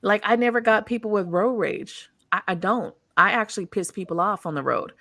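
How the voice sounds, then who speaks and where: A woman hosting a casual chat, telling stories in an animated, profane way and laughing often. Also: medium pitch, a little fast, no echo, clean studio sound. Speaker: host.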